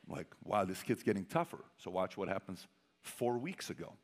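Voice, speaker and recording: Animated man storyteller in a reverberant hall. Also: low-pitched, normal speed. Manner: animated, quizzes the audience, swings from loud to hushed. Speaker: motivational speaker. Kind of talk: storytelling talk to a live audience. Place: large hall with an audience.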